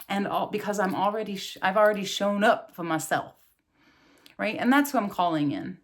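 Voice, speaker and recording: A woman's voice: medium pitch, moderate pace. Earnest laughing spiritual teacher, woman. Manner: earnest, laughs often, animated. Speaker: yoga and meditation teacher. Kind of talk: casual spiritual talk to camera.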